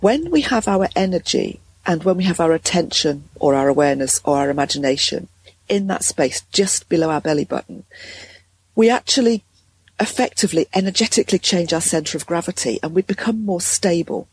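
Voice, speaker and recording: A woman coach explains her ideas calmly and shows them as she talks. Her voice is husky, with a gravelly fry underneath. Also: fairly low pitch, fairly quick, low-quality recording. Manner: calm, explanatory, demonstrates voice placement. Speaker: transformational coach. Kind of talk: guest explaining and demonstrating.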